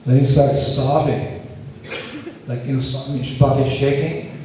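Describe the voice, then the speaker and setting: A man giving a scripture lecture at a festival, telling a story in an unhurried, earnest way with quoted dialogue. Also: medium pitch, flat delivery, dark tone, a little hiss or hum. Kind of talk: storytelling sermon. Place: festival lecture venue, distant mic. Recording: echoey hall, speaker far from mic.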